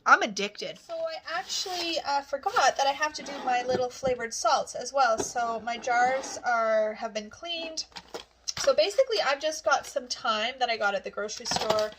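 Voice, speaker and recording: A woman's voice: fairly high pitch, background noise. A woman vlogging casually at home, chatting cheerfully while she cooks. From Canada. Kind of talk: casual chat.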